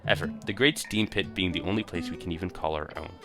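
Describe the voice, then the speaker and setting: A man's voice: deep voice, fast. A man voicing a drunk, indignant male dwarf foreman who rants in a slurred, blustering way. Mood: indignant drunken. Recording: game music playing behind.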